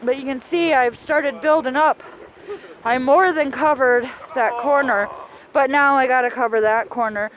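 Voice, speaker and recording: A high-voiced woman speaks at a normal speed while narrating a home video diary on a hand-held phone in a snowstorm. She's chatty and a bit out of breath, laughs a lot, and talks to her pets along the way.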